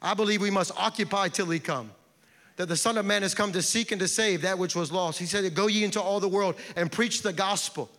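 A man's voice: high voice, fairly quick, fairly bright tone. A man preaching a sermon as pastor, impassioned, with repeated refrains. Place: large church sanctuary. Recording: long church hall reverb.

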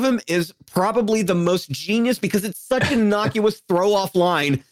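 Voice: medium pitch, moderate pace. A speaker in casual conversation, enthusing about films in a rambling, emphatic way and swearing for emphasis. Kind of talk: casual movie chat.

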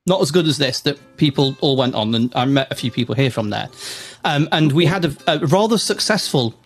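A man's voice: mid-range voice, lively intonation, fairly quick, husky, faint music behind. A man co-hosting a live audio chat show, chatty and rambling with lots of fillers and restarts. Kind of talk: casual chat.

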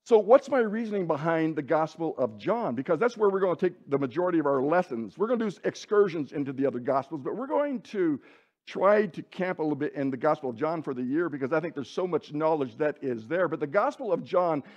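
A man's voice: a little high, animated, brisk, a little mellow, lo-fi sound. Man teaching a casual Bible lesson. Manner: conversational, frequent restarts and self-corrections.

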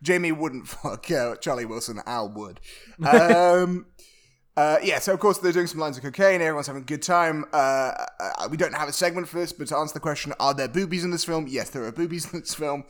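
A man's voice: on the high side, fairly quick. A man co-hosting a podcast, recapping a film in a rambling, joking way with frequent laughs. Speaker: podcast co-host. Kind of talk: casual film recap chat.

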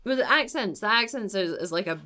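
A woman's voice: medium pitch, animated, fairly quick, sharp tone. A young woman co-hosting a podcast in casual chat, laughing often and ranting in exasperation. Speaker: podcast co-host. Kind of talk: casual chat reviewing a film.

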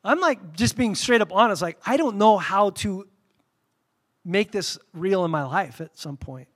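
A man preaching a sermon, telling stories candidly, with sudden loud bursts and quiet, reverent drops. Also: sits high, expressive, unhurried. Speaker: pastor.

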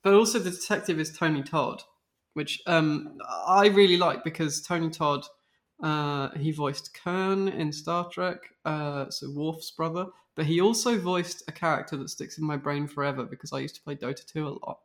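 A man's voice: on the high side, normal speed. A man co-hosting a podcast who recaps a TV show with enthusiasm, chatting casually and swearing now and then. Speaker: podcast co-host.

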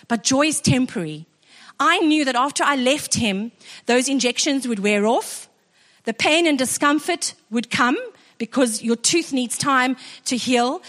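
A middle-aged woman with a high voice delivers a storytelling sermon. She talks in a lively, self-mocking way and keeps checking in with her congregation. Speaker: preacher.

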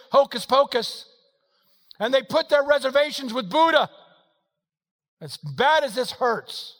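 A man preaching a sermon, telling a story in an animated way and swinging between quiet and loud passages. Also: high-pitched, in a large hall. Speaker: pastor.

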